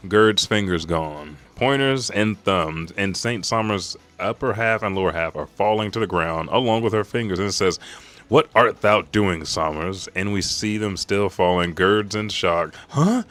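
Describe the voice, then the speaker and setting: Excitable, profane man with a lowish voice. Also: moderate pace, hardly any pauses, faint music behind. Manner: excitable and profane, jumps into loud high shouts for characters. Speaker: host of a live chapter read. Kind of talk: casual dramatic recap of a comic chapter.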